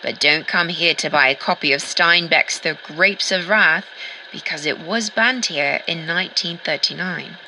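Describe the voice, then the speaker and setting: A woman's voice: fairly low pitch, a little slow, pushed and bright, slight background noise, exaggerated voice, low-quality recording. A woman playing a chipper 1940s radio host who tours towns and gives fashion advice in a chatty, enthusiastic, slightly theatrical way.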